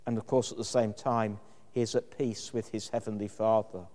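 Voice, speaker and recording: A man gives a sermon in a warm, mellow voice, talking in a thoughtful, conversational way with the odd "um". His words ring out with a long reverb from the church around him. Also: fairly low pitch, little pitch movement, normal speed. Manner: thoughtful, conversational preaching with fillers. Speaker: preacher.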